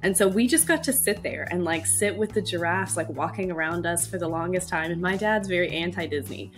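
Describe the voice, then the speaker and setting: A woman's voice: fairly low pitch, a little fast, over music. A woman on a casual panel chat, telling stories in a chatty way with lots of filler words. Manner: chatty storyteller, many filler likes. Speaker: panel member.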